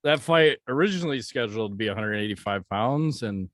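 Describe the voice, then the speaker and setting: A man's voice: medium pitch, lively intonation, fairly quick, fairly bright tone, no echo, clean studio sound. A man co-hosting a podcast in casual chat, talking bluntly with plenty of swearing and jokes. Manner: blunt, profane, joking. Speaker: podcast co-host.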